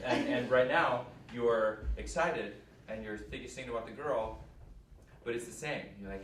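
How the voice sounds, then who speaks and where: A man coaching a singer in a master class, animated and laughing as he acts out lines. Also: mid-range voice, moderate pace. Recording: echoey hall, distant mic, background noise.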